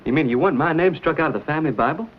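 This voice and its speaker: An actor playing a bold frontier adventurer with a wry, plainspoken way of talking, in a 1950s TV western drama. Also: male voice, fairly high pitch, lively intonation, rapid-fire, slightly rough. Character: bold frontier adventurer hero, dry wit. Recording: dull old TV soundtrack with faint hiss.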